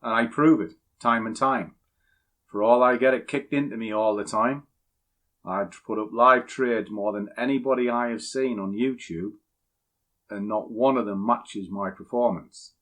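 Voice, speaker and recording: An older man with a somewhat low voice, talking casually and bluntly. He rambles a bit and shares strong opinions like a seasoned trading teacher. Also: a little slow, a bit bright. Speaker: trading educator. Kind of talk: casual rambling talk, then screen walkthrough.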